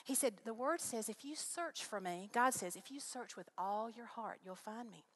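A middle-aged woman speaking to a congregation, telling her faith story in an earnest, animated way, voice rising when excited. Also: fairly high pitch, moderate pace. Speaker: guest speaker. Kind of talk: testimony sermon.

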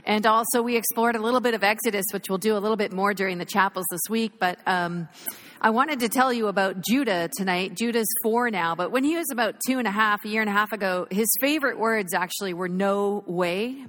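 A woman in her thirties preaching an animated sermon in a chapel, telling a story with laughter. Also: medium pitch, a little fast.

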